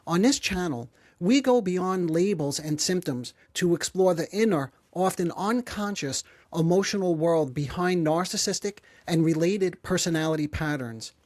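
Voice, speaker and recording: A man hosting a psychology podcast, who explains calmly and gently and slows down to stress key phrases. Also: sits high, no echo. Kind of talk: calm explanatory talk.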